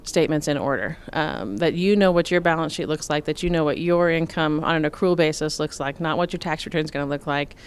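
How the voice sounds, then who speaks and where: A middle-aged woman from Nebraska answering interview questions about farm finances in a measured, explanatory way, with frequent fillers. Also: low voice, smooth. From Nebraska, USA. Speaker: farm finance expert, guest.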